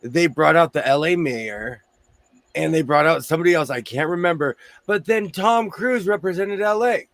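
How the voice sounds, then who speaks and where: A man's voice: a little high, moderate pace, a bit bright, no echo. A man hosting a casual chat, joking around while losing his voice. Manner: chatty, joking asides. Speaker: host.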